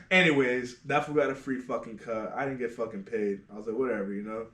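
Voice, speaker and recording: A man who works as a barber, telling shop stories on a casual podcast in a profane, animated way and calling everyone "fool". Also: medium pitch, fairly quick. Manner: profane, animated storyteller, says "fool" constantly. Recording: echoey room.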